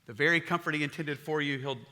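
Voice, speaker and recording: A pastor preaching a sermon, telling the story with humor and acting out the characters in playful voices. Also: male voice, fairly high pitch, fast. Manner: animated storytelling, acts out characters in funny voices.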